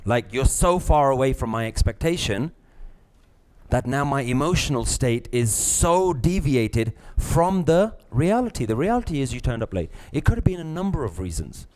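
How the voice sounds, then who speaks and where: A middle-aged man, teaching a live class, lively, acting out little scenes and laughing often. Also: mid-range voice, moderate pace. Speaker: spiritual teacher.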